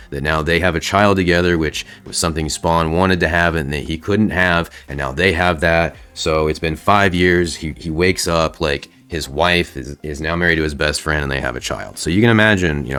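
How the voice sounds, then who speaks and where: A man's voice: very deep voice, moderate pace, hardly any pauses, a bit bright, clean tone. A man hosting a casual comic book recap, laid-back and slangy, with lots of fillers. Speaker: host.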